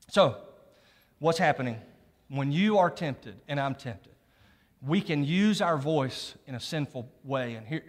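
A middle-aged male pastor preaching a sermon in a church, conversational and joking with the congregation between scripture readings. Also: mid-range voice. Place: church sanctuary. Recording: long hall reverb.

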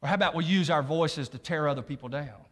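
A man's voice: fairly high pitch, fast, breathy edge. A middle-aged male pastor preaching a sermon in a church, conversational and joking with the congregation between scripture readings. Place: church sanctuary. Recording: long hall reverb.

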